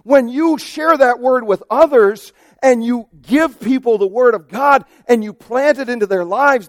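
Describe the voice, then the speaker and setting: A male pastor preaching a sermon, animated, acting out quoted voices and swinging from loud to hushed. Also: high-pitched, no echo, studio quality.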